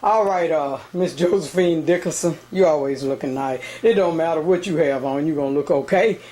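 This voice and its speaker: A high-pitched man hosts an outdoor talk show, talking fast and loose to guests and viewers. He is out of breath and keeps the chatter lively. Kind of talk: casual on-location interview.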